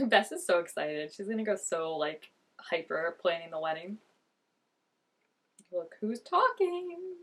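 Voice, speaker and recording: A woman's voice: lowish voice, normal speed. Gushing young woman reacting to a show. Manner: gushing, chatty, laughs often, many "like" fillers. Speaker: TV reaction vlogger. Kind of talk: casual reaction commentary.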